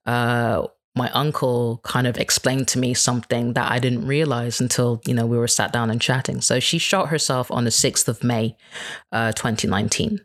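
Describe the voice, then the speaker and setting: A woman's voice: extremely low pitch, fairly even intonation, normal speed. A woman speaking as an interview guest in casual chat, candid and rambling, often restarting her sentences.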